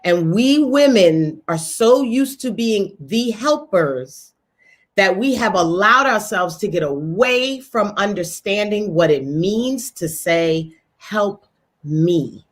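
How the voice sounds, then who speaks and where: A woman's voice: medium pitch, expressive, slow. A woman co-hosting a talk show, speaking emphatically and repeating key words for effect.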